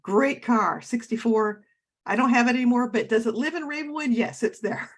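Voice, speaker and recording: A woman's voice: fairly high pitch, normal speed. Chatty woman from Oregon. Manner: warm, chatty and reminiscing, with fillers and restarts. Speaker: guest author. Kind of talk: casual interview chat.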